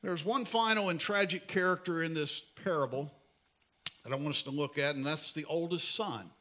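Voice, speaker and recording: Male pastor delivering a sermon; bright, high voice, earnest and pleading. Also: normal speed. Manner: earnest, pleading, dropping to soft emphasis.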